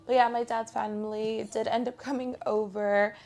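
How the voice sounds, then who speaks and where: A woman's voice: a little high, flat delivery, normal speed, gravelly, a little mellow. A woman co-hosting a podcast, chatting casually and upbeat, a little congested, laughing easily between fillers. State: slightly congested. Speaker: podcast co-host. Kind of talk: casual chat.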